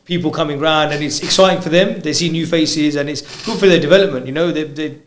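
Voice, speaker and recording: A British man, a guest DJ, chatting casually on a podcast in a relaxed, rambling way with slang. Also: on the high side, fast, echoey room, slight background noise.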